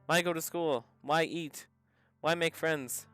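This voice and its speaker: A man reading the lines of a gloomy teenage girl who admits her sadness, in a soft, subdued voice pitched below his own. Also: steady tone, slow, faint music behind. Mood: despairing. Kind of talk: reading visual novel dialogue aloud.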